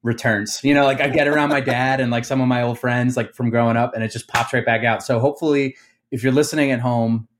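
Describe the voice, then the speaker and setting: A man with a South Jersey accent talks in a loose, rambling podcast chat. His voice sits at an ordinary middle pitch. He fills his sentences with casual fillers as he goes. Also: fairly even intonation, fast talker, slight background noise. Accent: South Jersey / Philadelphia. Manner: chatty, rambling, many fillers. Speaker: guest musician.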